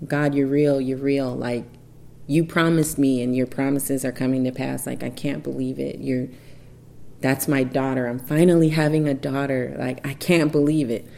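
Low-voiced woman telling a lively story. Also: gravelly. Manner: animated, acts out dialogue in quick bursts. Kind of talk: casual personal storytelling.

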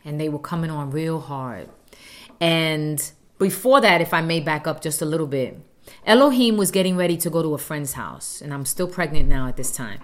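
A woman's voice: deep voice, normal speed. Earnest woman telling a family story. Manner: earnest, heartfelt narration. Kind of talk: personal storytelling.

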